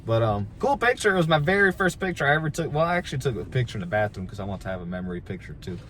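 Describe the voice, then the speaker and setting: A man's voice: medium pitch, very animated, rapid-fire, a bit bright, a little hiss or hum. A man, a pro wrestler, casually telling a story about his career in a laid-back, self-deprecating, rambling way.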